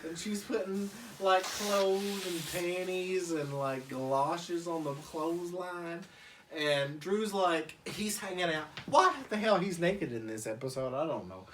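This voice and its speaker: A man's voice: sits high, measured pace, fairly bright tone, echoey room, recorded from a distance, a little hiss or hum. A man casually retelling a cartoon episode for friends, crude and rambling. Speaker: storyteller among friends. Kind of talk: comic retelling with voices.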